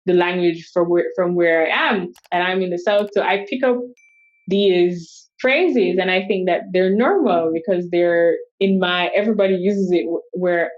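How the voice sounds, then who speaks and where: A woman's voice: fairly low pitch, normal speed, lo-fi sound. A woman, a guest in a casual interview, telling stories with energy and acting out what people said to her. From Jamaica. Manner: animated storyteller who acts out quoted speech. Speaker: guest, solo travel coach.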